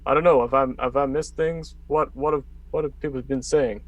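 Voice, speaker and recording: A man's voice: mid-range voice, fairly even intonation, fairly quick. A man playing a tabletop game in character, laid-back and hesitant with many fillers. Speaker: player. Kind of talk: casual in-character tabletop play.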